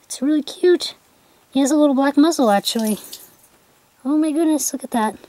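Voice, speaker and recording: A young woman unboxing a package on her vlog, gushing and rambling with excitement. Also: high voice, a little fast. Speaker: vlogger.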